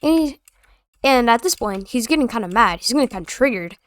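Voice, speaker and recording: A woman's voice: a little high, lively intonation, fairly quick, no room sound. A young woman telling a story in a casual, rambling, slangy and sarcastic way. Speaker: vlogger.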